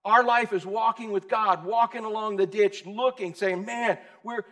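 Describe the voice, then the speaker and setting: A man in his sixties preaching a casual, lively sermon, calling listeners dude and bro. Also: sits high, moderate pace, few pauses. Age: 60s. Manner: animated, slangy, calls the audience dude and bro. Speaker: pastor.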